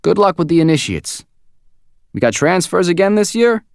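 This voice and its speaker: In a heavily acted audiobook performance, a man voices a brusque male supervisor, shouting in a raised, high-sitting, sing-song voice pitched above his own natural range. He speaks at a moderate pace with some creak, and the recording is dry with clean studio sound.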